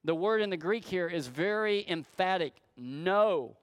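A man preaching a sermon to his church, emphatic and slowing on key words. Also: high voice, clean tone. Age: adult, grew up in church. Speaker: pastor.

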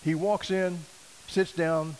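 A man preaching a sermon, telling a story in a folksy, animated way and acting out quoted voices. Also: a little high, takes it slowly, a little hiss or hum, poor audio. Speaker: missionary preacher.

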